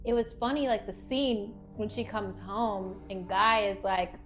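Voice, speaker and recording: Animated woman co-hosting a casual film chat. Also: medium pitch, a little slow, faint music behind, low-quality recording. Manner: animated retelling, acting out characters' lines. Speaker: podcast co-host.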